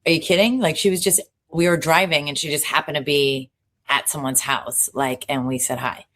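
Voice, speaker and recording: Woman, very deep voice, animated casual podcast recap, swears freely. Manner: animated, swearing, quick asides. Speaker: podcast co-host. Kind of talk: casual pop culture recap.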